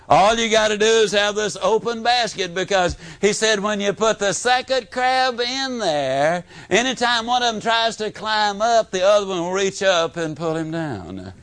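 A man delivering a motivational talk to a live audience. He tells stories with a slightly high voice that climbs and drops dramatically from line to line. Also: no echo. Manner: animated storyteller, swings from high to low. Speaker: motivational speaker.

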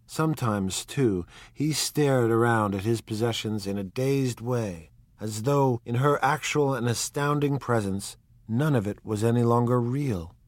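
A man narrating a classic novel aloud in a measured, lyrical storytelling manner. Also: medium pitch, no room sound. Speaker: audiobook narrator.

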